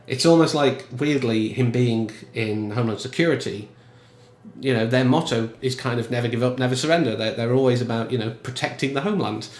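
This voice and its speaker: A man gives casual film commentary in a chatty, animated and emphatic manner. His voice is mid-pitched. The room around him has a noticeable echo. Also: a little fast. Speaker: film reviewer.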